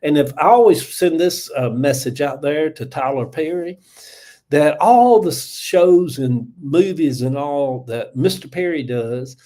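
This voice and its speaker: Older Southern man, seventy, Georgia drawl, folksy rambling host, mellow voice pitched a bit high. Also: animated, a little slow. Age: 70s. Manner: rambling, folksy, thanks viewers, trails off with many uhs. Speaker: livestream host. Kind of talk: casual livestream chat.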